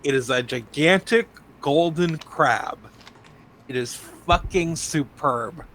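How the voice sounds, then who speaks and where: A man co-hosts a podcast and gushes about an anime. His voice sits somewhat high for a man. He talks with casual enthusiasm and drops the odd swear. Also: slow, a bit bright, slight background noise. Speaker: podcast co-host.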